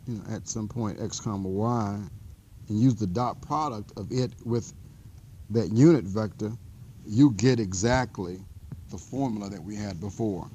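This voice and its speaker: A male math instructor lecturing in a classroom with a lowish, mellow voice. His delivery is loose and conversational, full of restarts and fillers as he wanders through a story. A faint hiss sits under the recording. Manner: relaxed conversational teaching.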